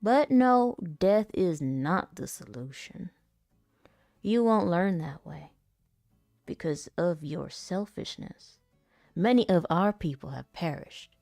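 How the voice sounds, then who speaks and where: A woman's voice: steady tone, vocal fry, mellow, no room sound, studio quality, faint music behind. A woman voicing a stern, grave leader. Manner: grave, deliberately deepened delivery. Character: stern tough leader handing down banishment. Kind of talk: voice acting demo read-through.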